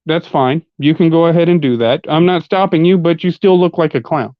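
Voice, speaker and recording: A combative man ranting on a livestream, swearing constantly and mocking as he argues. His voice sits a little high for a man. The audio is muffled and lo-fi, with a dry, close sound and no room echo. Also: brisk. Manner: combative, heavily profane; argumentative, mocking. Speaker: livestream commentator. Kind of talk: live-stream rant.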